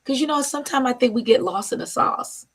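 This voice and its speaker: A woman's voice: sits high, a little fast. A woman hosting a live talk show over a video call, gushing and laughing as she introduces her guest. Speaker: show host. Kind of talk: casual live interview. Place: outdoors in wind.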